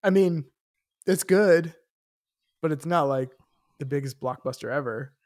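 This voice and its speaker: A man's voice: on the high side, a little slow, a little mellow. A man co-hosting a casual movie podcast who asks lots of curious questions and fills his talk with "like". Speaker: podcast co-host.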